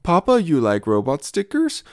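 A man's voice: on the high side, wildly swooping pitch, normal speed, dry recording, clean studio sound, voice pushed up. A man voicing a little boy who pesters his papa over and over. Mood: wheedling. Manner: wheedling, repeats himself.

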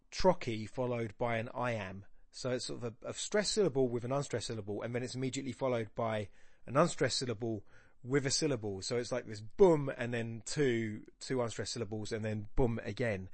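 A man's voice: mid-range voice, expressive, no echo. Musing male poetry podcast host. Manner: musing and self-interrupting, reads quoted verse slowly. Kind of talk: thinking-aloud poetry analysis.

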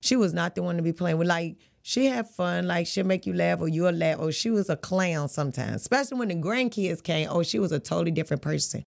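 A woman's voice: lowish voice, quick pace, vocal fry, few pauses, a little mellow. A woman, a boxer as guest, telling her life story frankly in casual, vernacular speech. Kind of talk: candid interview storytelling.

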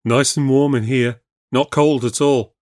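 A man's voice: medium pitch, fairly even intonation, measured pace, a little mellow, dry recording, studio quality, voice pushed up, lightly acted. A man voicing a cheerful, easygoing young husband with a breezy, teasing manner.

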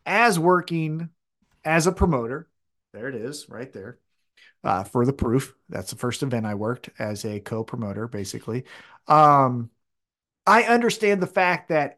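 A male podcast co-host in loose, casual chat. He rambles and restarts, with a lively, swinging pitch and an ordinary middle register. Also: a little slow. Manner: rambling, opinionated, restarts often.

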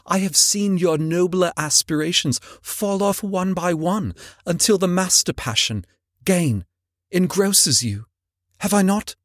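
A man voicing a gentle young woman who speaks softly and sadly, in an audiobook reading. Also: high-pitched, expressive, unhurried, no echo, clean studio sound. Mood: sorrowful. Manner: soft, gentle pleading.

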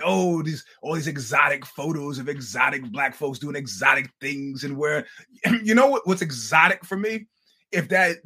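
A male podcast host who rambles through a casual monologue. His voice sits a little higher than most men's. He swears freely and slips into the voices of the people in his stories. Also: slightly rough. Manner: animated, profane, acts out quoted people.

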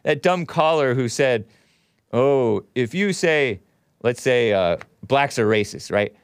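A man's voice: mid-range voice, animated, slow pace, smooth, dry recording, clean studio sound. A man hosting a call-in show, talking in a rambling way that often breaks off and laughs. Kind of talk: casual call-in talk.

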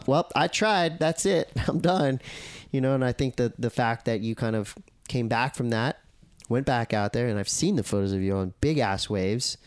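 Smooth-voiced man, animated podcast guest. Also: mid-range voice, dry recording. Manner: animated, acts out his own quoted thoughts. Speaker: podcast guest, surf commentator and editor. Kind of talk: casual podcast conversation.

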